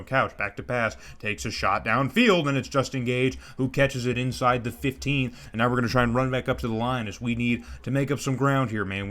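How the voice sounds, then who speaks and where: A man casually calling play-by-play over his own football video game, excitable, tripping over names and tacking "man" onto his lines. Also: medium pitch. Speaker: gaming YouTuber commentating his own franchise game.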